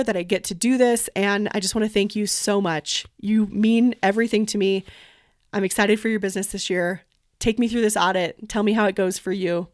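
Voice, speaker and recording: A woman's voice: medium pitch, no echo. Chatty woman podcast host, dry sound. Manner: chatty, encouraging, speaks straight to listeners. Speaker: podcast host and wedding venue owner. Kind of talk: casual solo podcast talk.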